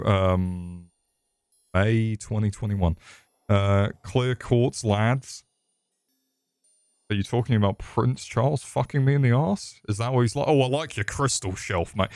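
A man's voice: medium pitch, unhurried, a little mellow, dry recording, clean studio sound. A young man casually commenting on a game he is streaming, profane, rambling and jokey. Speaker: gaming streamer.

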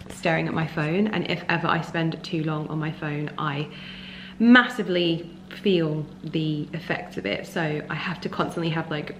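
A young woman vlogging at home in a chatty, casual way, often dropping to soft, hushed speech. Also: fairly low pitch, noisy background. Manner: chatty, with frequent fillers like "like" and "um". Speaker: lifestyle vlogger. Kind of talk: casual chat to camera.

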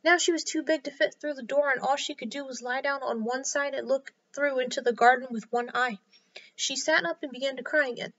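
A woman reads a children's story aloud with clear, expressive delivery. Her voice is high and bright. The recording is a little dull and lo-fi. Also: fairly quick. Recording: slightly dull lo-fi sound.

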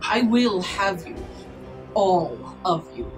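A woman's voice: mid-range voice, sing-song, slow pace, soft background music. A woman voicing a possessive, seductive female demon noble in a tabletop game, commanding and jealous. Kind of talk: tabletop role-play.

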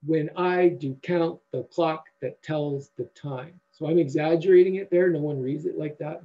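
A man giving a university lecture in a halting way, with many fillers and restarts. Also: a little high, mellow, lo-fi sound.

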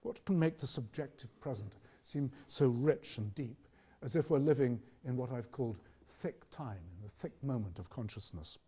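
Older british guy lecturing, mellow husky voice, thoughtful rhetorical questions. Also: medium pitch, lively intonation. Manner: measured, questioning delivery with rhetorical pauses. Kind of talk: academic public lecture.

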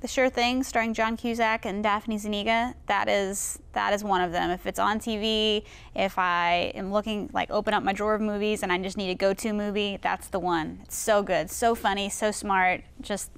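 A young woman actress answers interview questions in a bubbly, chatty way. She often restarts her sentences. Her voice is smooth and clear. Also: mid-range voice, fairly even intonation, moderate pace, few pauses, fairly bright tone. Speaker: actress and guest. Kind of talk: casual interview.

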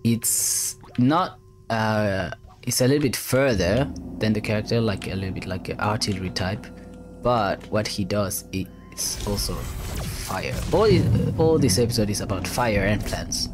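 Man, game developer, let's play commentary, halting, restarts, music behind. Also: on the low side. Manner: halting, many fillers and restarts.

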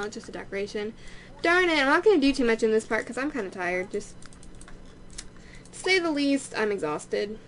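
A young woman giving casual, gushing commentary over a life-sim game she is playing, easily excited and chatty. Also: sits high, a little hiss or hum. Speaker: let's play host.

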